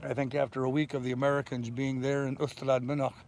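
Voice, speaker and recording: A man's voice: medium pitch, little pitch movement, fast, darkish tone, a little hiss or hum. An older man chatting casually on a live stream from his boat in a bay, telling rambling stories. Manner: rambling storyteller. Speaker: sailing vlogger.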